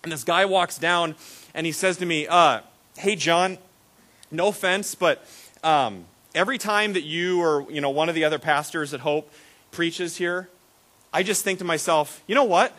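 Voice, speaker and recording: A man preaching a sermon as a pastor, animated and repetitive when excited, acting out the voices in his stories. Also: a little high, normal speed. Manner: animated storytelling, acts out quoted voices; repeats words and restarts when excited.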